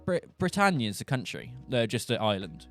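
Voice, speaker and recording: A man's voice: mid-range voice, sing-song, moderate pace, a bit bright, soft background music. A young man from England with a Southern English accent, joking and rambling in a casual monologue. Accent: Southern English, Buckinghamshire. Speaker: streamer.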